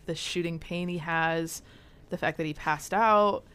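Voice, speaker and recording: A woman's voice: lowish voice, fairly even intonation, measured pace, fairly bright tone, smooth. A young woman co-hosting a podcast, casually retelling a sitcom episode with lots of "like" and "um" fillers. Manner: chatty, frequent "like" and "um" fillers. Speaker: podcast co-host.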